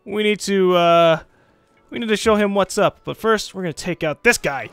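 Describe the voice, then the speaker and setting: A young man giving casual, excitable commentary while playing a strategy game, swearing and teasing the computer opponents. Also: sits high, moderate pace, vocal fry, smooth, dry recording, faint music behind. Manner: excitable, swears, mocks game leaders in put-on voices. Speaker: let's play gamer.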